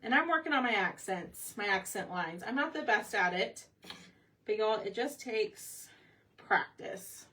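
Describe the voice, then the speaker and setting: A woman's voice: mid-range voice, expressive, measured pace, pushed and bright, far from the mic. A woman hosting a live craft stream, chatting casually and greeting viewers by name as she paints. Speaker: craft livestream host. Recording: faint room noise, somewhat off-mic.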